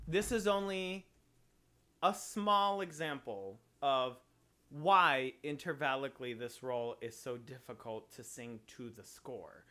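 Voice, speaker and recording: A man teaching voice, slowly explaining notes and phrasing in a lesson. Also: medium pitch, sharp tone. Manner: explains slowly, sings short examples.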